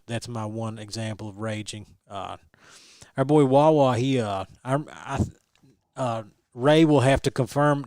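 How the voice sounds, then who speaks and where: A young adult man, a guest telling a story in an animated, restarting way. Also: medium pitch, clean tone, no room sound, studio quality. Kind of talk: casual storytelling interview.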